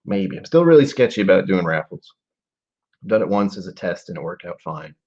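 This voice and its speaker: A man in his forties with a low, husky voice chats casually on a live stream, thinking out loud and drifting into trailing asides. The stream audio is dull and lo-fi. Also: sing-song, brisk. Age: 40s. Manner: musing aloud, rambling with trailing asides. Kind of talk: casual live-stream whiskey tasting chat.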